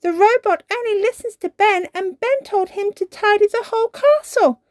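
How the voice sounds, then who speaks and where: A woman voicing a lively little fairy princess girl in a storybook reading, calling out urgently. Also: extremely high pitch, normal speed, no room sound, studio quality, pitched above the performer's own voice.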